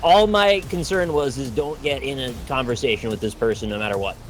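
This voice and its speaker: A man's voice: mid-range voice, fairly quick. A man on a live talk show, telling a rambling, self-deprecating anecdote in casual chat. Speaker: guest.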